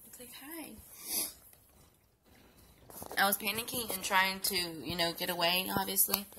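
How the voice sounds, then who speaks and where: A woman's voice: mid-range voice, steady tone, fairly quick, background noise. Sleepy sick young woman vlogging. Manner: rambling with many fillers and restarts. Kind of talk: casual story time vlog.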